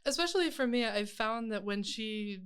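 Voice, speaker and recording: A woman's voice: a little high, animated, normal speed, a bit bright, smooth. A young woman stage actor chatting in an interview, rambling and laughing easily. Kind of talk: casual interview chat.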